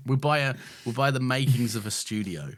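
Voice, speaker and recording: A man's voice: medium pitch, expressive, brisk, a bit bright. A man, co-hosting a podcast in casual chat, recapping an episode and laughing a lot. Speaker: podcast co-host.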